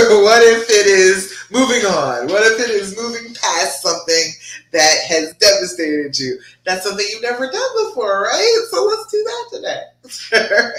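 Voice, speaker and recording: Woman, relationship coach, live-stream talk, bright tone, echoey room. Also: medium pitch. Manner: encouraging, repeats "okay?" to viewers.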